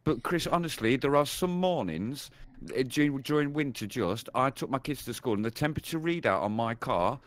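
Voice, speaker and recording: A man in his thirties co-hosting a casual gaming podcast, chatting with animated swearing and laughs. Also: mid-range voice, brisk. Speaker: podcast co-host.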